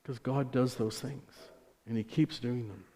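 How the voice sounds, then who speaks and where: A man speaks as guest preacher in a mellow, medium-pitched voice, a little slow and with fairly even intonation, giving a sermon testimony full of conversational stories and asides to the congregation. He is in a church sanctuary, and the recording has a long church hall reverb.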